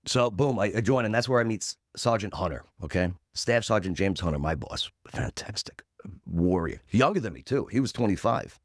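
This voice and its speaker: Deep-voiced man telling army stories. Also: brisk, few pauses, no room sound, studio quality. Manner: animated storyteller who acts out quotes; punchy, peppers story with "boom". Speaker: guest. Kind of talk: storytelling in a podcast interview.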